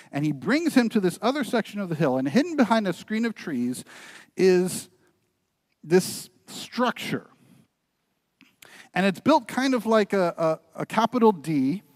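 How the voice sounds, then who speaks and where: Storytelling pastor, slightly high voice. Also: male voice, animated, normal speed, no echo. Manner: storytelling, building to earnest, quieter exhortation. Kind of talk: sermon. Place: church.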